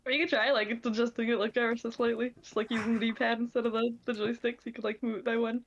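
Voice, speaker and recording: A young woman with a fairly high voice chats and giggles beside a friend's game. She talks loosely and swears now and then. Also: flat delivery, quick pace, highs cut off, slight background noise. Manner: giggly, chatty, swears casually. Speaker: let's play co-host. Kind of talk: casual gaming chat.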